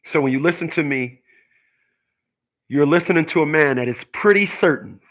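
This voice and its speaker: A man's voice: fairly high pitch, moderate pace, fairly bright tone, muffled recording. A man hosting his own channel, delivering an emphatic solo rant and repeating his points for force. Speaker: channel host. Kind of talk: solo ranting monologue.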